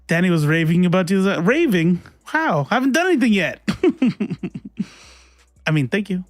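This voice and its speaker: Brief: young male streamer, slightly high voice, laughing, loose and casual, dry close sound. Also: sing-song, normal speed, no room sound, soft background music. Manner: chatty, laughing, swearing, fumbling with settings. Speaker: livestream host. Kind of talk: casual livestream chat.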